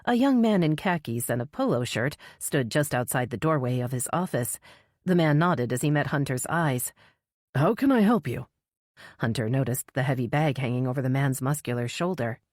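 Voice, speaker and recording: A woman narrating an audiobook in a measured, steady way. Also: very deep voice, no echo, clean studio sound. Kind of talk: scripted narration.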